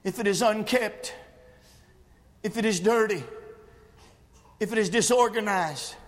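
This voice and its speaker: A man delivering a sermon in a church, his voice sitting very high and rising into shouts, with many "uh" fillers between phrases. The sound rings with a long hall reverb. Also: a little slow. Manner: preaching cadence, frequent "uh" fillers, rising to shouts. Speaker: preacher. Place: church sanctuary.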